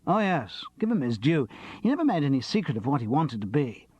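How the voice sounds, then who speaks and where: A man's voice: on the high side, very animated, brisk, darkish tone, breathy edge, no room sound. A man voicing a nervous, theatrical young actor with a camp, lightly mocking way of talking. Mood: drawling.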